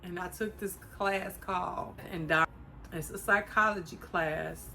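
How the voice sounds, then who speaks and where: Low-voiced woman from Chicago holding back tears. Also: steady tone, a little slow, gravelly, pushed and bright, a little hiss or hum. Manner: emotional, fighting back tears, talks to viewers as "y'all". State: close to tears. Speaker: vlogger. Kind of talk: casual personal talk to camera.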